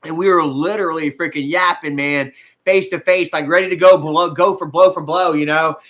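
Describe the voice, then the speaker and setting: A man with a high, bright voice talks to his live viewers in a loose, rambling way, full of fillers and curses. He drifts between laughter and tears as he opens up. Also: steady tone, moderate pace. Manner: rambling, frequent fillers, heavy swearing. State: tearful at times. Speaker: vlogger talking to live viewers. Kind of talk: emotional casual livestream talk.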